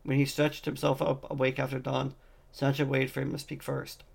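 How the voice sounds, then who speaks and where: A man's voice: medium pitch, completely flat delivery, moderate pace, gravelly, breathy edge. A man reading a fantasy novel aloud, voicing the dialogue lightly in his own voice. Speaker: audiobook reader.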